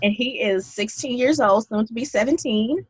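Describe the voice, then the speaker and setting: A woman's voice: a little high, normal speed, breathy edge, no room sound, poor audio. Earnest woman telling a heartfelt story. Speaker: guest. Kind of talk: podcast interview.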